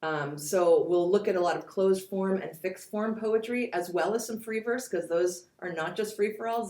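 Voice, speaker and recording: Woman, poetry teacher, lowish voice, lively explaining, reads verse aloud, roomy echo. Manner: explains with spoken examples and reads poem lines aloud. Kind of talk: course introduction lecture.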